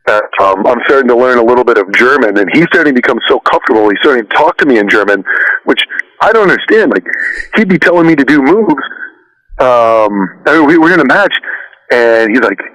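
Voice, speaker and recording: A man as an interview guest, telling stories in a relaxed, rambling way with many fillers. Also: mid-range voice, brisk, poor audio. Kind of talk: casual storytelling interview.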